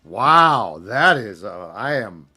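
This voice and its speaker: A man's voice: medium pitch, sing-song, takes it slowly, bright, forceful tone. A man co-hosting a sports podcast, chatting casually in a bemused, laughing way. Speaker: podcast co-host.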